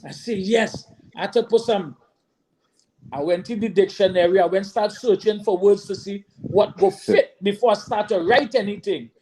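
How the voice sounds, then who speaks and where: A man being interviewed about making a song, animated and repetitive, who sometimes breaks into sung hooks. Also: high voice, normal speed, slight background noise, low-quality recording. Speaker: guest musician. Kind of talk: storytelling interview.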